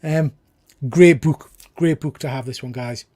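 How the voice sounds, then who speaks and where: A man hosting a casual live charity stream, chatty and enthusiastic, with frequent quiet asides. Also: on the high side, unhurried. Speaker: livestream host.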